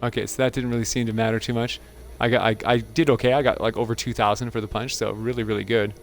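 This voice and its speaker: A man's voice: mid-range voice, level tone, fast, a little hiss or hum. Chuckling man commentating gameplay. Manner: amused, laughs often, chatty. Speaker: gaming channel host.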